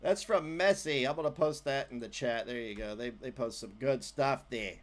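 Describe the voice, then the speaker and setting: A man's voice: medium pitch, normal speed, slight background noise. A man hosting a casual livestream, joking and chatting loosely with his viewers. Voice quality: animated, jokey, trails off into asides. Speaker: livestream host.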